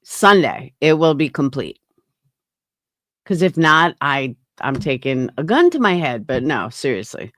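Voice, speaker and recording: A woman's voice: deep voice, sing-song, a little slow, fairly bright tone, dry recording, studio quality. A woman hosting a casual livestream, talking bluntly with frequent swearing and answering her chat. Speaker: livestream host.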